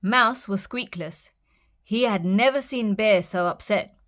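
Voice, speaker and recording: A woman's voice: medium pitch, a little slow, a bit bright. Woman reading a children's bedtime story.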